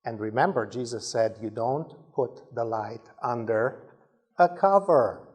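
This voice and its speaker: A man's voice: medium pitch, steady tone, measured pace, a little mellow, breathy edge. A man from Germany giving a talk to ministry leaders, telling stories with frequent restarts. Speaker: speaker at a leadership training.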